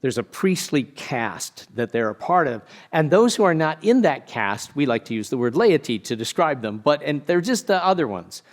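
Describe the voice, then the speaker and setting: A man, a pastor, giving a conversational sermon with casual asides and animated storytelling. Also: a little high, normal speed, few pauses.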